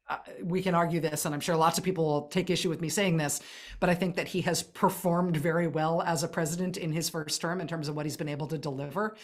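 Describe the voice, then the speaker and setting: A woman with a fairly low voice talks politics in a relaxed interview. She is wry and animated, laughing through asides and restarting sentences as she thinks. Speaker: guest. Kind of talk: casual political conversation.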